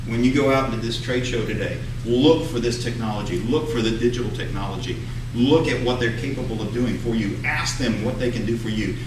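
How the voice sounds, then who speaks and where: A man lecturing a seminar crowd, firing questions at the listeners and driving his points home by repeating them. He is recorded from a distance in a big, very echoey hall, with clear room noise behind him. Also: medium pitch. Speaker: business speaker. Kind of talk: live seminar talk to an audience. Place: large echoey room with an audience.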